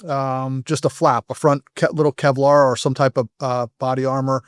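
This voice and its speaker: A middle-aged man, a former SWAT operator and FBI agent, talking fast in a podcast interview and explaining with many restarts. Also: medium pitch, level tone, clean tone, dry recording, studio quality.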